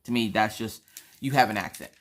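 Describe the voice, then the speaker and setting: With an extremely low pitch and a fairly quick pace, this South Carolina woman, a craft vlogger, speaks in a mixed Southern accent. Her casual story is animated, as she performs the voices of the people involved.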